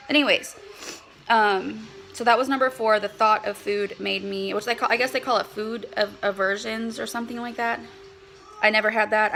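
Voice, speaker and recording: Chatty breathless woman with gravelly edge. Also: mid-range voice, bright, forceful tone, a little hiss or hum, poor audio. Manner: chatty and rambling, many "like"s and "um"s. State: slightly out of breath. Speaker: vlogger, mother of a large family. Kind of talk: casual chat to camera.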